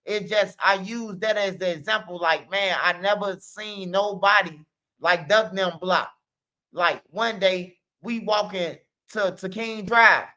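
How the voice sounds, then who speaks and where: A man's voice: sits high, measured pace, sharp tone, dull audio. A man hosting a stream, talking in a loose, slangy, rambling monologue full of "man" and "bro". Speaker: streamer host.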